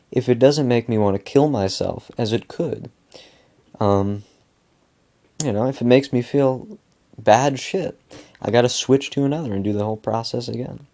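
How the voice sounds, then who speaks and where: A man's voice: mid-range voice, dark tone. A young man venting in a casual monologue, rambling, repeating himself and swearing a lot. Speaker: vlogger.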